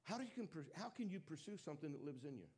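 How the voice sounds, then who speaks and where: A man preaching a sermon, emphatic and confessional, swinging from loud declarations to hushed admissions. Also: on the high side, sing-song, rapid-fire, husky.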